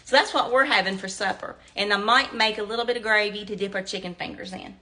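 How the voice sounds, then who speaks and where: A woman's voice: medium pitch, fast, pushed and bright. A middle-aged woman with a Southern US accent, chatting casually as she shows a home cooking demo in her kitchen. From American South. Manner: chatty, down-to-earth, addresses viewers as y'all. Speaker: home cook. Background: oil frying and sizzling.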